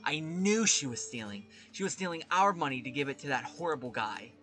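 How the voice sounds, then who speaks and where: A man's voice: a little high, expressive, brisk, bright, forceful tone, soft background music. A man doing a spoiled, defiant teenage boy.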